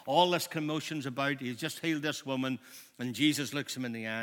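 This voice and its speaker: A man, preaching a sermon as a pastor, impassioned and shifting between loud and hushed. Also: mid-range voice, steady tone, a little fast. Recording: long hall reverb.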